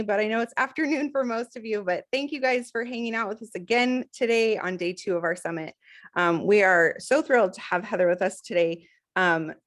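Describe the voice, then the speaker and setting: A woman hosting an online summit, introducing the day's guest in an upbeat, friendly way with many ums. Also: mid-range voice. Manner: upbeat, filler-heavy, friendly. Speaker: summit host. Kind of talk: host introduction.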